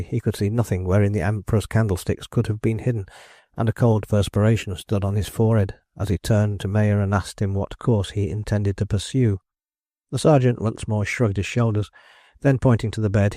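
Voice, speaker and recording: A man reading a novel aloud as an audiobook narrator, in measured, deliberate scripted narration. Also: fairly low pitch, warm tone, no echo, studio quality.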